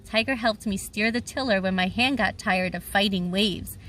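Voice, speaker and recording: A woman narrates a children's adventure book in the first person. Her storytelling is lively and expressive, at an ordinary pitch for a woman. A faint hum sits behind the voice. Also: moderate pace. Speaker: audiobook reader.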